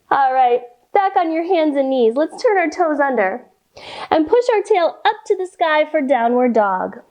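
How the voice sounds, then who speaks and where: A woman leading a children's yoga lesson, guiding slowly in a sing-song voice and making playful animal sounds. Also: high voice, very animated, darkish tone. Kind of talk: kids' yoga and story warm-up lesson.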